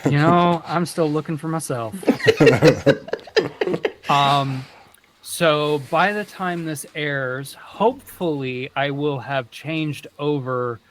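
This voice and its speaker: A man with a Southern US accent, a podcast guest in casual chat who is animated and laughs often. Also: fairly high pitch, slow, a little hiss or hum.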